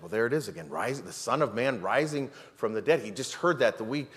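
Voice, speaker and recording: A male pastor preaches in a church sanctuary, dramatically retelling a story full of rhetorical questions and repeated words. His lowish voice is expressive and fast, with hardly any pauses, and a long church reverb fills the recording.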